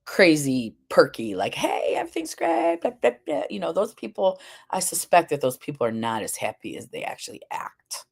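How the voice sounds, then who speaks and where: Low-voiced woman chatting with her stream. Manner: chatty and rambling, with many fillers and restarts; addresses viewers and the chat directly. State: groggy, sleepy. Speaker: livestream host. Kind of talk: casual live-stream talk on wellness.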